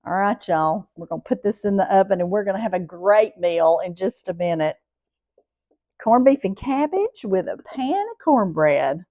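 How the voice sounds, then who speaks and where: A woman's voice: mid-range voice, lively intonation, moderate pace, dark tone, no echo. Southern woman, middle-aged cooking host, homey and chatty, dry close sound. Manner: homey, chatty, addresses viewers as y'all. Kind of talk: casual cooking vlog.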